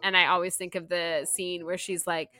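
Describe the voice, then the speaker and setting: Bright, animated woman chatting. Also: lowish voice, moderate pace, faint music behind. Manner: animated, laughing often, breaks into playful impressions. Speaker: podcast co-host. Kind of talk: casual chat about books and movies.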